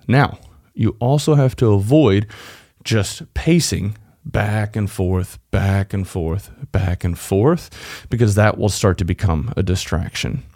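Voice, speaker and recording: A man's voice: on the low side, mellow, no room sound, studio quality. A man from Texas with a Texan accent, hosting a solo podcast and coaching listeners directly in a conversational way. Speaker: podcast host. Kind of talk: solo podcast tips talk.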